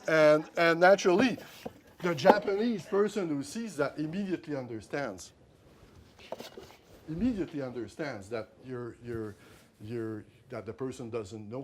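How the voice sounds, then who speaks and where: Guy telling stories at a library talk, keeps restarting his words, bit of room hum. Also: mid-range voice. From Quebec, Canada. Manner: animated storytelling, many restarts and repeated words. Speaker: author giving a library talk. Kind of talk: conversational talk to an audience.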